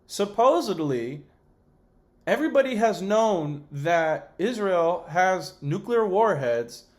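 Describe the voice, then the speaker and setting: A man's voice: sits high, sing-song, takes it slowly. A man hosting a podcast, ranting about politics in a heated, profane way with sarcastic asides. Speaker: podcast host.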